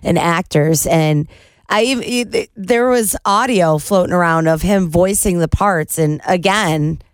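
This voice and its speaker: A woman co-hosting a podcast in casual chat, quick to exclaim and react. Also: on the low side, smooth, no room sound. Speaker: podcast co-host.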